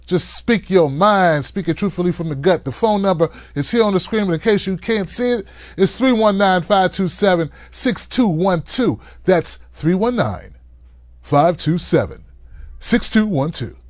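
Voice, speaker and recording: A man hosting a live-stream call-in show, talking in a hyped, playful way and hollering shout-outs to viewers. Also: sits high, expressive, normal speed, no echo, studio quality.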